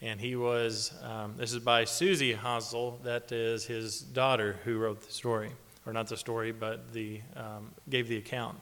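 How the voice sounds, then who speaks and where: A male preacher giving a conversational sermon, halting with fillers and chuckling often. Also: mid-range voice, flat delivery, fairly bright tone. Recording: long hall reverb.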